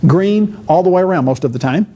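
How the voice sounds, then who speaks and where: A man giving an animated church seminar lecture, acting out quoted speakers with quick shifts of voice. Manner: lively, acts out quoted speakers with shifting pitch.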